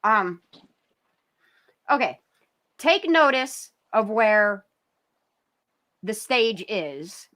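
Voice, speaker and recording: A woman's voice: mid-range voice, big pitch swings, very slow, long pauses, fairly bright tone. A woman hosting a casual true-crime commentary, talking bluntly and sarcastically, with profanity, over a video she is playing. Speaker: channel host.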